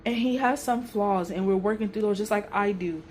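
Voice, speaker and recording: A young woman telling a personal story on her vlog in a casual, emotional, animated way with everyday slang. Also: medium pitch, normal speed, a little hiss or hum. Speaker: vlogger.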